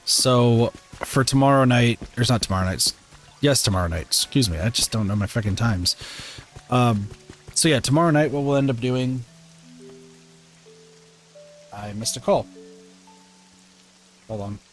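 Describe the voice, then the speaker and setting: A man talking through a relaxed game stream at an ordinary pitch for a male voice. He meanders from thought to thought, filling pauses with ums and likes and correcting himself as he goes. He sounds a little sleepy, with soft background music playing under his voice. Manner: rambling, lots of filler words and self-corrections. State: sleepy, yawning. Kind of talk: casual gameplay stream commentary.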